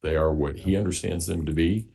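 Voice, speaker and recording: A man presiding as judge in a courtroom, giving measured, formal instructions. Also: deep voice, gravelly, warm tone. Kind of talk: courtroom procedure. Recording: distant courtroom audio.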